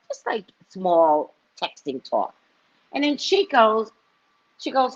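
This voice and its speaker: A woman's voice: medium pitch, lively intonation, normal speed. A woman live-streaming as a psychic reader, chatting casually and telling a story, laughing often and acting out the people she quotes. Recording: dull lo-fi stream audio.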